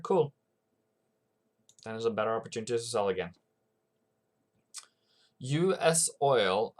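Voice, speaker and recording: A man hosting a livestream who gives rambling, casual commentary on currency markets and reads out viewer comments as he goes. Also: fairly low pitch. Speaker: forex trading channel host.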